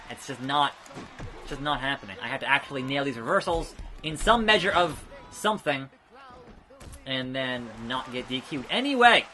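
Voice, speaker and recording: A man's voice: medium pitch, lively intonation, normal speed, pushed and bright, soft background music. A man giving chatty, rambling let's play commentary, blurting out move names as he plays a wrestling game. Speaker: gaming video creator.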